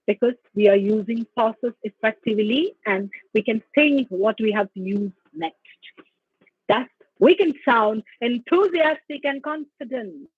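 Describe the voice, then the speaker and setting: High-pitched woman giving a lo-fi online lecture. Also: expressive, a little slow, breathy edge, dry recording. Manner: instructive, emphatic, sings scale examples. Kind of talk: online lecture on public speaking. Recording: dull lo-fi audio.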